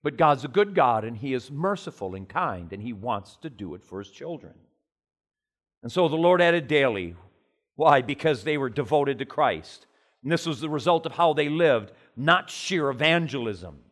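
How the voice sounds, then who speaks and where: A man preaching a sermon with passion, climbing loud and high in his stories and then dropping low and quiet into prayer. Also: lively intonation, moderate pace.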